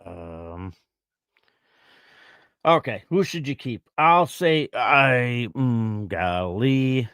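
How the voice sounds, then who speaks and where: A man's voice: mid-range voice, expressive, very slow, long pauses, a bit bright, clear, resonant tone, no room sound, clean studio sound. A man co-hosting a casual fantasy football show, reading viewer questions aloud and thinking through answers with easy fillers.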